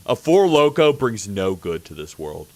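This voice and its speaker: A man's voice: lowish voice, very animated, measured pace, darkish tone, no echo. A man streaming live, telling a story in a rambling, casual way, with lots of fillers and swearing.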